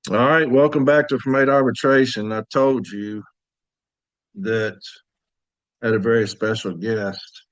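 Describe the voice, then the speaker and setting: A man hosts his podcast in easy, casual talk, chatting and laughing with his listeners. His voice sits at an everyday middle pitch. The sound is close and dry, with no room around it. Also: steady tone, unhurried, long pauses, no room sound. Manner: laid-back, laughing storyteller, addresses audience as y'all. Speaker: podcast host. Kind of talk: casual chat.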